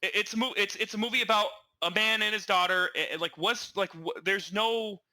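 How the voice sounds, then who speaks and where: With a high-pitched voice and a slightly fast pace, a young man co-hosts a casual podcast. He rambles animatedly through his stories, stammering and starting over a lot, and the recording quality is low.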